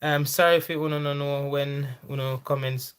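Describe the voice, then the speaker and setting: A man's voice: on the high side, flat delivery, moderate pace, smooth. A man with a Jamaican accent hosting a livestream, chatting casually, reading out viewer comments, laughing often and slipping into patois. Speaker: livestream host. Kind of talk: casual live-chat reading.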